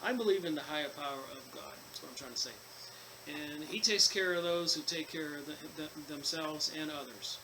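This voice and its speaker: A man's voice: fairly high pitch, normal speed, background noise. A man reading from a book and breaking off into long rambling asides, with many fillers and restarts. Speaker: channel host reading and commenting on a book. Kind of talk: casual book commentary mixing reading aloud and rambling asides.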